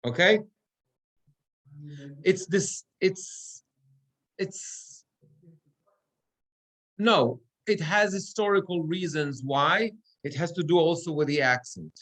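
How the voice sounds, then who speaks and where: A man's voice: on the high side, takes it slowly, long pauses, fairly bright tone, low-quality recording. A man teaching a class on Torah reading as cantor, explaining chant rules and chanting Hebrew verses. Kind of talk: online class lesson.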